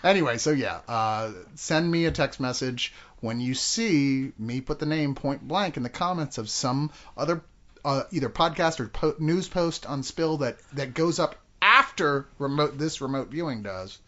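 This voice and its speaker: A man's voice: medium pitch, animated, moderate pace, fairly bright tone. A man hosting a podcast in casual chat, joking and laughing with profane banter. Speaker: podcast host. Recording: dull lo-fi podcast audio.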